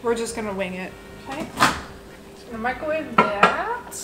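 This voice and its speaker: With heavy background noise behind her, a young woman in her twenties films a cooking vlog in her home kitchen, her voice a little high, animated, and a little slow. Her chatter meanders, is self-deprecating, and is packed with "like."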